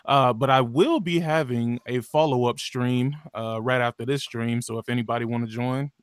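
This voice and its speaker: A man's voice: mid-range voice, fairly even intonation, normal speed, clear, resonant tone, no room sound, studio quality. A man on a gaming podcast panel, talking laid-back with casual slang.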